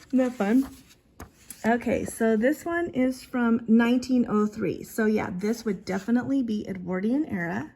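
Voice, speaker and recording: Woman with a husky, gravelly voice, mellow tone, chatty show and tell, keeps restarting sentences. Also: on the high side, measured pace. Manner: chatty, excited, trails off and restarts. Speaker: vintage collector showing items.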